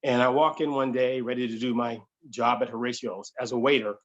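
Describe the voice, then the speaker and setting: A man telling a funny true story to an audience, animated and conversational, slipping into voices. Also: mid-range voice, fairly quick, highs cut off. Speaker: solo performer and storyteller. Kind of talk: comedic live-streamed storytelling.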